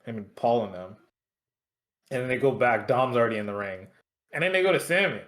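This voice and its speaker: A man of middle pitch talks in casual podcast chat. His asides are dry and wry, and he grumbles mildly about how the show is put together. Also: expressive, a little fast, a bit bright. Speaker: podcast co-host.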